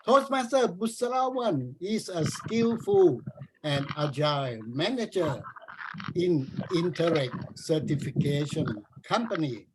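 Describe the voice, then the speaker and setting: A man's voice: a little high, sing-song, takes it slowly, noisy background. A man hosting an online club meeting on a video call, formally introducing the next speaker in an announcing manner.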